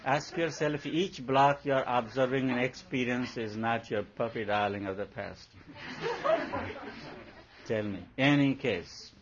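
A spiritual teacher, speaking at a middling pitch with a playful, teasing manner and frequent laughter. The recording sounds dull and lo-fi, with a faint hum underneath. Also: male voice, unhurried. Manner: playful, laughing, acts out scenes. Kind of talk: spiritual talk to followers.

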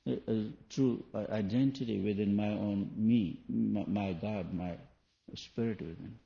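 A man's voice: on the low side, fairly even intonation, measured pace, creaky. A man giving a spoken sermon to an audience, asking rhetorical questions in a loose, non-native phrasing. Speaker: spiritual teacher. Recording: dull lo-fi 1980s tape recording.

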